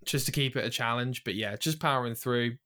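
A man with a bright, forward voice co-hosts a casual gaming podcast. He jokes easily and launches into news segments with enthusiasm. His tone stays relaxed and chatty. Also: mid-range voice, fairly quick. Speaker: podcast co-host.

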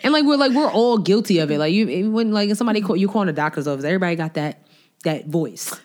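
A woman from Long Island co-hosting a podcast in casual chat. She is animated and talkative, acting out little voices and asking whether she is understood. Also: medium pitch, quick pace. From Long Island, New York. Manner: animated and talkative, acts out little voices, keeps asking "you know what I'm saying?".

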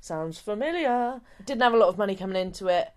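A woman's voice: mid-range voice, expressive, fairly quick, darkish tone. A woman co-hosting a podcast, explaining things step by step in a chatty, joking way. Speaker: podcast co-host. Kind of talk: casual chat.

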